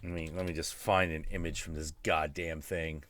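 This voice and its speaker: A man's voice: very deep voice, little pitch movement, moderate pace, fairly bright tone, no room sound. A man hosting a live stream, chatting casually in a rambling, profane, self-mocking way. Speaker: stream host.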